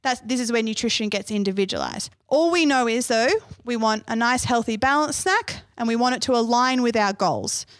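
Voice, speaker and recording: An Australian woman with a somewhat high voice runs a live healthy-eating workshop. She talks in a loose, chatty way and keeps tossing questions out to the audience. Her voice is close and dry. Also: brisk, few pauses, dry recording.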